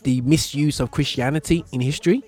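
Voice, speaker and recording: A man with a Birmingham accent hosting a casual interview, rambling, slangy and quick to laugh. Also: mid-range voice, a little mellow, husky. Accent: Birmingham English. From Birmingham, England. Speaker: show host.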